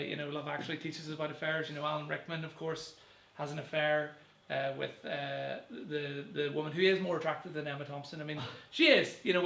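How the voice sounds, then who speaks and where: Rambling comedian, bright gravelly voice. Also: male voice, a little high, reverberant, slight background noise. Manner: rambling, self-deprecating, frequent fillers and laughs at own jokes. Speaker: stand-up comedian. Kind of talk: stand-up set performed to camera.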